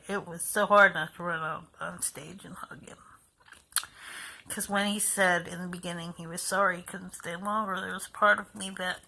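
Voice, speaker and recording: A woman's voice: mid-range voice, sharp tone, low-quality recording. Emotional woman talking to camera. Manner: emotional, heartfelt, rambling with sighs. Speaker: vlogger. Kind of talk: emotional personal vlog.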